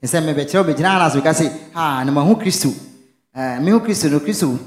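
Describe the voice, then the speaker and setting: Faint music sits behind a man with a slightly high, expressive voice who preaches briskly in a roomy space. The pastor's call-and-response sermon has the congregation completing his questions, laced with local phrases.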